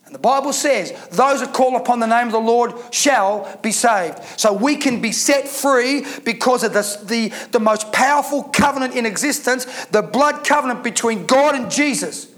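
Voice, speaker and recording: High-voiced man preaching emphatically. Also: normal speed, few pauses, a bit bright. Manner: emphatic preaching with rhetorical questions. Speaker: pastor. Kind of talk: sermon.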